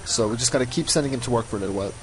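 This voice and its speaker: A man's voice: medium pitch, racing, poor audio. A man giving casual, rambling commentary over his own gameplay, often mocking himself. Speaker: let's play host.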